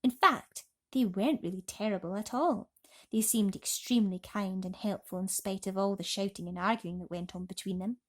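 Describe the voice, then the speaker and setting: A woman reads a children's story aloud at bedtime in a gentle, expressive way. Her voice sits at an ordinary middle pitch. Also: normal speed. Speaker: storybook reader.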